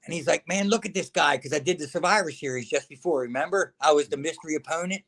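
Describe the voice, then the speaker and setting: Talking fast and pitched on the high side, a middle-aged man who used to wrestle recounts his career for a casual interviewer. He voices everyone he quotes with animation and addresses the listener as "man" or "brother" again and again.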